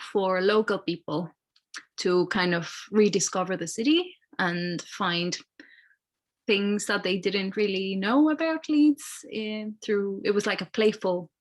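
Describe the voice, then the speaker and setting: A woman's voice: mid-range voice, fairly bright tone. Woman on a video call, friendly, bit hesitant, mid voice. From Mexico. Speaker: guest artist. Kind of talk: casual interview.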